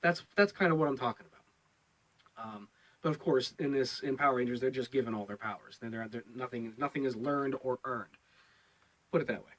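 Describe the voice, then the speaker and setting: A man's voice: medium pitch, moderate pace, fairly bright tone, rough recording. A man giving a casual review of a TV episode, rambling and repeating his words with many fillers. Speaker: show reviewer.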